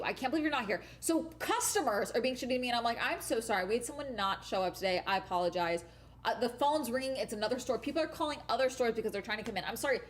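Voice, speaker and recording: A young woman telling a work story in a casual vlog rant, swearing constantly and often ending sentences with "okay?". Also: a little high. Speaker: vlogger.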